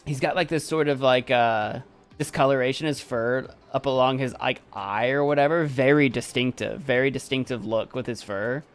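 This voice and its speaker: A man's voice: medium pitch, steady tone, moderate pace, clean tone, faint music behind. A man chatting casually on a live stream, giving playful commentary.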